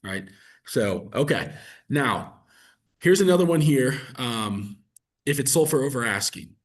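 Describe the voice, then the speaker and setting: Husky-voiced man coaching sales calls. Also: medium pitch, measured pace. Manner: energetic, conversational, fillers like "like" and "right?". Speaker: real estate coach. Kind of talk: coaching session with role-play practice.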